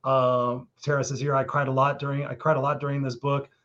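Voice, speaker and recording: A man hosting a live interview, reacting warmly and reading viewer comments aloud, choked up at times. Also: medium pitch, flat delivery, a little fast, highs cut off. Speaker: host of live stream.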